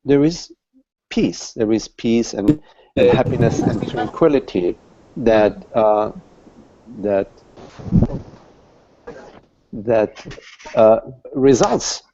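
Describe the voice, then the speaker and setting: Casting: man, spiritual teacher, gravelly dark voice, slow and halting, lo-fi call audio. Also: medium pitch, a little hiss or hum. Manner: slow, halting, repeats words while searching for them. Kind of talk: satsang talk.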